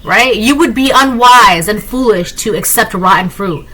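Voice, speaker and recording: A woman with a mid-range, slightly bright voice gives a casual tarot reading at an unhurried pace, captured on a low-quality recording. She speaks emphatically and repeats herself, often tagging lines with a rhetorical "right?".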